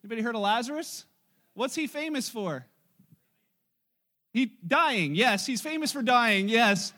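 A man's voice: extremely high pitch, expressive, measured pace, bright, forceful tone. A man preaching a sermon in church, retelling a Bible story in a casual, joking way to his congregation. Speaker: pastor.

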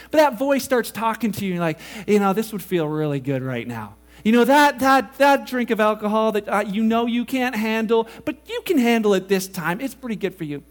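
A man preaching a sermon, animated and casual, acting out quoted voices as he goes. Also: extremely high pitch. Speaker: pastor.

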